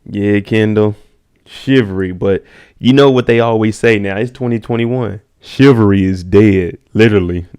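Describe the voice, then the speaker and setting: A man's voice: normal speed, a little mellow, clean tone. A man casually recapping a TV episode on a live stream, using slang, answering chat by name and acting out scenes. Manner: laid-back slang, reads chat names, acts out scenes in high voices.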